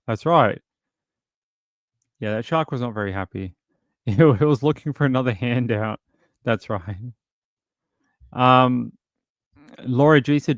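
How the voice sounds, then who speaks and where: A man's voice: medium pitch, lively intonation, unhurried, pauses often, dry recording, studio quality. A man hosting a true crime live stream, reading news and viewer comments with blunt, mocking commentary. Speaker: true crime show host.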